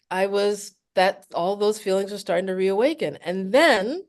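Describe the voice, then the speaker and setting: A woman from New York, a soprano and author, telling a story as an interview guest and acting out the quotes. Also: medium pitch. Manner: animated, acts out quotes and laughs often.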